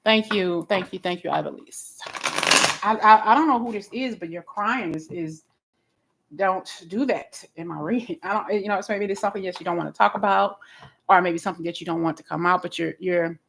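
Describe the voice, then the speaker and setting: A woman giving a live tarot reading in a blunt, expressive way, often restarting her sentences. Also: lowish voice, brisk, gravelly, a little hiss or hum, low-quality recording. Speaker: tarot reader.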